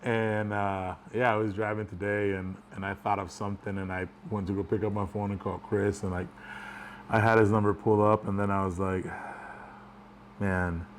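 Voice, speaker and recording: A man's voice: on the low side, little pitch movement, brisk, slight background noise. A man telling a personal story in a casual, rambling way, chuckling as he goes. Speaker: vlogger.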